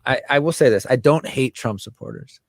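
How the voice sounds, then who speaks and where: Man, interview guest, mid pitch, fired-up, swears a lot, mimics voices, dry recording. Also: a little fast, dry recording. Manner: animated, profane, acts out voices of others. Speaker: guest, writer and musician. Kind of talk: casual impassioned interview talk.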